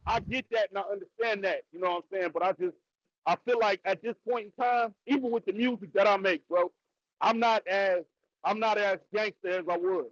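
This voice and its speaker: A man's voice: high voice, a little fast, dry recording, lo-fi sound. A middle-aged man with a Detroit accent, a rapper talking loosely and emphatically as an interview guest, cussing and calling people "bro". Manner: loose and emphatic, cusses, repeats "bro" and "you know what I'm saying". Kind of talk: casual interview chat.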